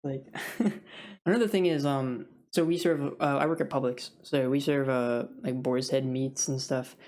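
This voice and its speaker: A young woman with a notably low voice rambles through a casual rant, full of fillers and little laughs. She talks loosely and informally, like venting to a friend. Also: steady tone, a little slow, a little mellow. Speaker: food service worker.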